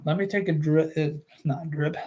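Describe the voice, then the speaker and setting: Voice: medium pitch, steady tone, moderate pace, noisy background. A streamer reading a book aloud on a livestream, chatting casually and rambling with many fillers.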